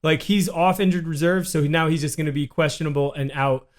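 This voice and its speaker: Guy co-hosting a fantasy football podcast, slightly higher voice, jokey and teasing. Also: steady tone, a little fast. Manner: joking, teasing, laughs often. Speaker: podcast co-host. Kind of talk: casual sports podcast banter.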